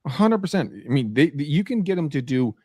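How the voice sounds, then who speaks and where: A man co-hosting a casual podcast chat about real estate, an animated storyteller who acts out quoted people. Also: a little high, fairly quick, slightly rough, no echo, studio quality.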